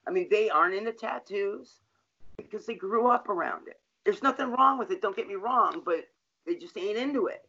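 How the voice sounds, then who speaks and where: On a dull lo-fi recording, a middle-aged man with a high-pitched, sharp-toned voice speaks animatedly at a moderate pace. He tells his life story in an interview, blunt and profane, in candid street language.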